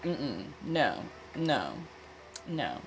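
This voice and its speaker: With an extremely low pitch that swings widely, this woman drags out her words while hosting a casual livestream chat. Her put-on, old-fashioned American accent is languid and theatrical, and she calls her viewers darling. Background noise is audible.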